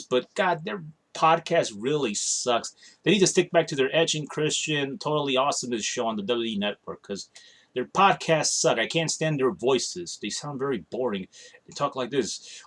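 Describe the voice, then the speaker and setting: A man's voice: medium pitch, fairly bright tone. A tired man rambling bluntly in a casual home vlog, complaining offhandedly as he talks straight to the camera in a small room. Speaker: vlogger.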